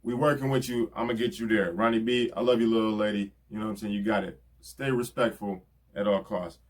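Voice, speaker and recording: A man's voice: fairly low pitch, fairly even intonation, fairly quick. A man, talking earnestly and casually as he thanks the people in his life. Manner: earnest, repeats "you know what I'm saying". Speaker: rapper giving album shout-outs. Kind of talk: casual heartfelt talk.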